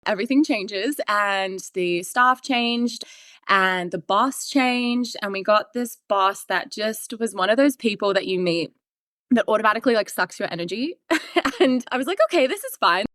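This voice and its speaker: On a podcast, a woman in her thirties tells her story casually and with animation, frequently laughing and replaying her past remarks. Her mid-range voice moves a little slowly, captured in clean studio sound without room echo.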